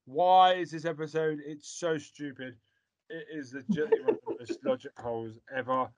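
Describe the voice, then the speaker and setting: A man's voice: on the high side, big pitch swings, a little fast. A man in casual chat, blunt and rambling, swearing freely as he gives his opinions.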